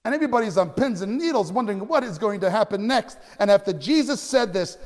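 A pastor with a high, bright voice preaches a sermon at a quick pace, telling the story with animated energy. He pushes to loud cries at the peaks and trips over restarts now and then, while a long hall reverb trails his words.

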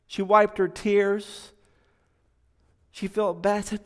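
Slow, earnest man telling a testimony. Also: high-pitched, level tone, long reverb tail. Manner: slow, earnest storytelling that swings from hushed to loud. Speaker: speaker giving a testimony. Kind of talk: personal testimony talk.

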